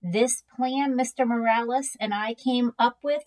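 A woman reading a children's book aloud in a gentle, unhurried storytelling manner. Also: fairly high pitch, fairly even intonation, poor audio. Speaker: reader.

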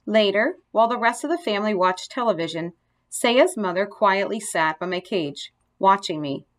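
A woman's voice: medium pitch, lively intonation, moderate pace. Woman reading a storybook aloud. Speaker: narrator. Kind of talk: storybook narration.

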